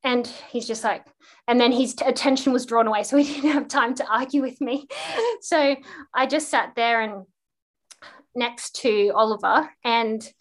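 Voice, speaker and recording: A woman's voice: on the high side, normal speed. A woman guest on a parenting podcast, casually telling a personal story and acting out the quotes. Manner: lively anecdote telling with acted-out quotes.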